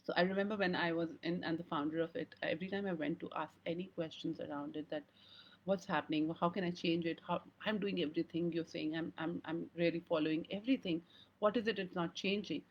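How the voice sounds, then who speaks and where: A woman's voice: lowish voice, steady tone, quick pace, a little hiss or hum. A woman hosting a live-stream talk on emotional wellbeing, earnest and rambling, often breaking into laughter. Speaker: host. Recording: dull lo-fi sound.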